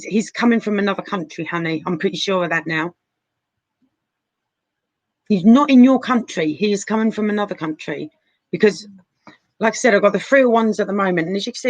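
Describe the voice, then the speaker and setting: A woman's voice: mid-range voice, no room sound, rough recording. A woman chatting through a live tarot reading from her sofa at home, calling viewers darling and honey. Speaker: tarot reader. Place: living room sofa at home.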